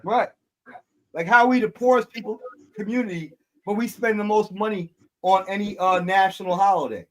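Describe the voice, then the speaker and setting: A podcast host from Detroit speaks at a moderate pace in a medium-pitched voice during a casual streamed discussion. He talks emphatically, trails off into fillers, then presses the point again. The recording is rough.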